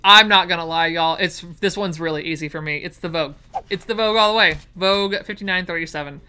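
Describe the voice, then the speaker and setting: A woman's voice: fairly low pitch, fast, pushed and bright, smooth, faint music behind. A woman chatting enthusiastically while unboxing vintage sewing patterns, gushing over each find. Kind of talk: casual unboxing chat.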